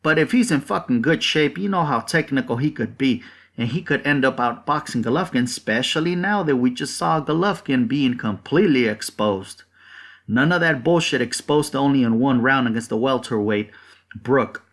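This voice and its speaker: Male channel host, casual heated rant, profane and blunt, mid-pitched voice, rambling delivery. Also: moderate pace, fairly bright tone. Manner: rambling with frequent fillers. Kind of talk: casual ranting commentary.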